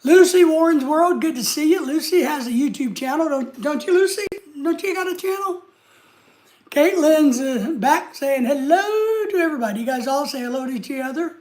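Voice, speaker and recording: A man's voice: extremely high pitch, expressive, normal speed, a little mellow. A man hosting a live stream, chatting casually and answering viewer comments in an easygoing way. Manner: easygoing, chatty, talks straight to the chat.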